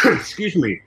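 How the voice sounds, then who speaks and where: Australian man, bright forceful voice, chatty podcast guest full of asides. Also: rough recording. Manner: animated storytelling with many "you know" asides. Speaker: guest, martial arts trainer and fight coordinator. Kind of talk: casual interview talk.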